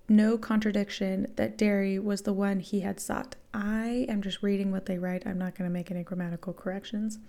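A woman's voice: mid-range voice, gravelly, a little mellow. A woman podcast host reading fan fiction aloud and breaking off with wry, sarcastic asides.

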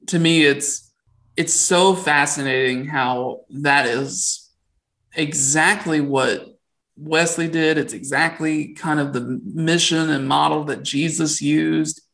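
A male pastor hosting a casual conversation, relaxed and joking at his own expense. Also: fairly high pitch, slow, gravelly, rough recording. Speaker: pastor and host.

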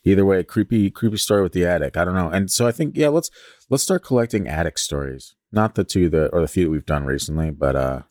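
Young male podcast host, low voice, very animated pitch, joking asides, dry close mic. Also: quick pace, no echo. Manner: joking, swears casually, breaks off to tease. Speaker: podcast co-host reading listener stories. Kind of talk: casual chat and story reading.

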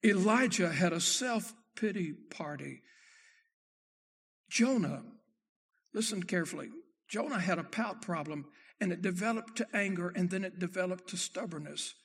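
High, bright-voiced preaching pastor. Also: male voice, lively intonation, normal speed, slightly rough. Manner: preaching with dramatic swings from loud to hushed; acts out the prophets' words in quoted speech. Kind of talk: sermon.

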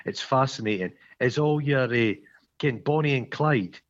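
A man's voice: medium pitch, moderate pace. A Scottish man chatting casually on a podcast, rambling wryly with stammered restarts. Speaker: podcast co-host. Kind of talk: casual chat. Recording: dull lo-fi sound.

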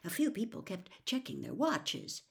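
A woman reading a novel aloud as a storyteller, narrating in a steady, expressive way. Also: medium pitch, normal speed, gravelly.

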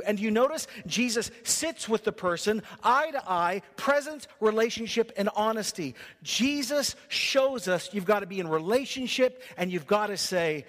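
A man's voice: sits high, moderate pace, a bit bright. A male pastor preaching a sermon in a church, emphatic and punchy, in short rhythmic phrases. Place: church sanctuary. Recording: long reverb of a large hall.

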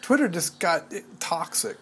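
A man's voice: sits high, animated, moderate pace, gravelly, a crowd in the background. A man in his sixties co-hosting a podcast, preaching and exhorting listeners, repeating words when he gets heated. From United States. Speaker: podcast co-host.

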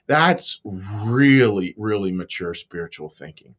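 A man giving a relaxed, conversational devotional talk, earnest and often repeating his words as he goes. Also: mid-range voice, normal speed, hardly any pauses, husky. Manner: earnest, repeats words, self-deprecating asides.

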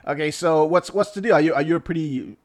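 A man's voice: a little high, fast, darkish tone. A man co-hosting a casual podcast, teasing his friend and laughing often. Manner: teasing, laughs often, does silly impressions. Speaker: podcast co-host.

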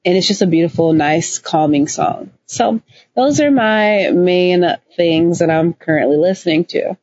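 A woman co-hosting a podcast, chatting casually in an animated, emphatic way. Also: on the low side, measured pace, no echo. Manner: animated, emphatic, laughs often. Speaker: podcast co-host. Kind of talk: casual chat. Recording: dull lo-fi dry recording.

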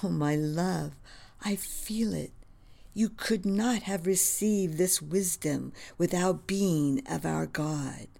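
A woman's voice: fairly low pitch, slow pace, creaky, mellow, exaggerated voice. A woman reading the lines of a devoted male general in love, earnest and reverent in manner. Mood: hushed.

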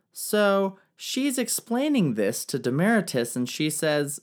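A man's voice: on the high side, sing-song, takes it slowly, hardly any pauses. A young man retelling ancient history as a comedy, slangy and profane. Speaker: narrator.

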